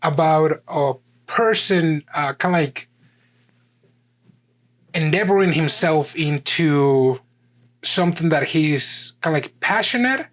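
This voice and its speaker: Male podcast co-host, slightly high voice, hesitant and stammering. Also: expressive, slow pace, a bit bright. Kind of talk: casual chat.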